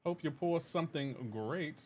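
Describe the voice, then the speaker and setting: A man's voice: fairly high pitch, normal speed, a little mellow. A man streaming a game live, chatting casually and greeting his viewers one by one in an upbeat, talkative way. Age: adult with a child.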